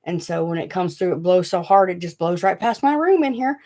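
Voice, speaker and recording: A woman's voice: fairly low pitch, lively intonation, brisk, warm tone. Chatty Southern woman, rambling livestream host. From Tennessee. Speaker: DIY craft channel host. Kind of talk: casual livestream chat. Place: small hot room at home.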